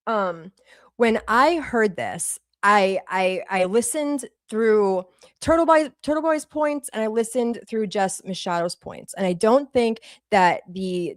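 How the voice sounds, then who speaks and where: A woman's voice: mid-range voice, no echo, studio quality. A woman with a Boston accent hosting a casual commentary livestream, blunt and sarcastic, swearing freely. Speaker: livestream host.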